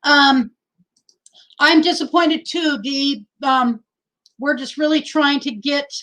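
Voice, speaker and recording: A woman's voice: high-pitched, slow, fairly bright tone, low-quality recording. A middle-aged woman hosting a casual livestream. She speaks in a heartfelt, rambling way and often repeats herself. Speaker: livestream host. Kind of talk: casual livestream chat with viewers.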